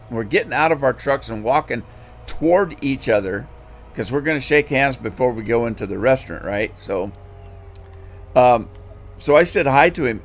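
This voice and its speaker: A man streaming a farming game, telling a folksy, rambling story with plenty of fillers and restarts. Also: medium pitch. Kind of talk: casual storytelling while gaming.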